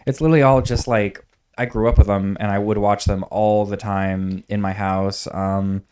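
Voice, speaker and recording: A young man co-hosts a podcast in casual chat, rambling with plenty of fillers and swearing. His lowish, dark voice is delivered flatly at a moderate pace, and the sound is clean.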